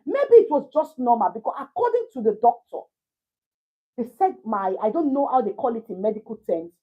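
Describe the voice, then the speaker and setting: A Nigerian woman in her thirties telling a personal story to a live chat in a casual, animated way, laughing often and slipping into pidgin. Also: on the high side, slightly rough, highs cut off. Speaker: livestream host.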